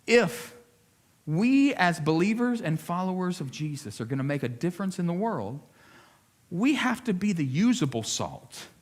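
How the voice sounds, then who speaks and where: A man delivering a sermon from the pulpit, his voice sitting a little high for a man. He swings from loud, emphatic lines down to quiet, searching appeals, and repeats words as he works out his point. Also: sing-song, moderate pace. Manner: preaching with big swings between loud emphasis and hushed appeals; repeats words while gathering his thoughts. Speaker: lead pastor.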